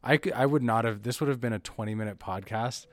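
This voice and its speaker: A young man hosting a casual podcast, laid-back, with short easy replies and relaxed chatter. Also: medium pitch, fast talker, no echo. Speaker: podcast host.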